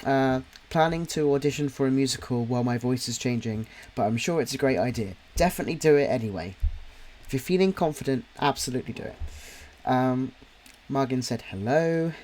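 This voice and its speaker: A man's voice: mid-range voice, a little fast, a little mellow. A young man casually chatting while he draws on a livestream, reading out viewers' comments with plenty of ums. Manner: rambling, friendly, full of ums and restarts. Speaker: livestream host and artist.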